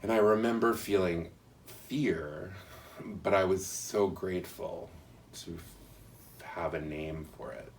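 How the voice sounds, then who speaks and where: A man in an interview telling a personal story in an earnest, halting, reflective way. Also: low voice, vocal fry, recorded from a distance, slight background noise.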